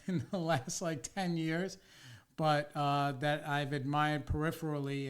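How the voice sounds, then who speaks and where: A man's voice: on the high side, clear, resonant tone. A man hosting a podcast in casual chat, rambling with lots of fillers and swearing. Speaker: podcast host.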